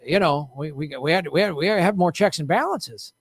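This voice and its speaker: A man's voice: a little high, fairly quick, slightly rough, no echo, clean studio sound. A middle-aged man hosting a casual political commentary show, heated and sarcastic, swearing freely.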